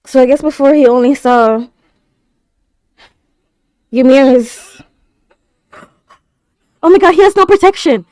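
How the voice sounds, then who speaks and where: A woman's voice: high voice, expressive, takes it slowly, long pauses, a little mellow, no room sound. A woman hosting a reaction video, talking over an anime episode with gasps, stammers and constant exclamations. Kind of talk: live anime reaction commentary.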